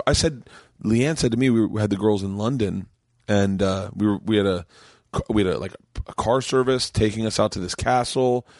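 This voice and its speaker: A man's voice: lowish voice, dry recording, studio quality. Profane storytelling podcast host, man. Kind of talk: casual chat.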